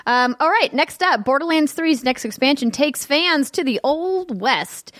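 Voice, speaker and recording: A woman co-hosts a gaming news show, reading items with quick chatty asides. Her voice sits fairly high. The sound is dry and close, like a home studio. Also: lively intonation, a bit bright, no echo. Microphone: headphones and studio mic.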